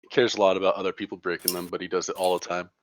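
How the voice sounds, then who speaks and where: A man's voice: low-pitched, flat delivery, rapid-fire, slight background noise. A man moderating a Discord voice chat, talking in a laid-back, wry way. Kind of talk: casual voice chat.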